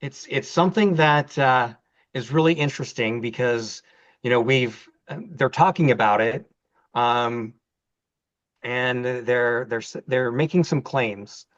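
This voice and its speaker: A man co-hosts a podcast and speaks very slowly and hesitantly, pausing often on fillers. His middle-pitched voice comes through a dull, lo-fi recording. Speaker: podcast co-host. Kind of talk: casual chat. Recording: dull lo-fi audio.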